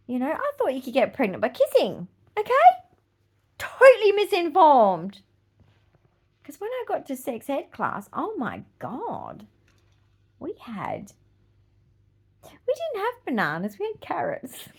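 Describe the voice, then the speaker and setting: A woman's voice: high-pitched, big pitch swings, a little slow, pauses often. A middle-aged woman with an Australian accent, hosting a podcast in casual chat, blunt, swearing freely and laughing often. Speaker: podcast host.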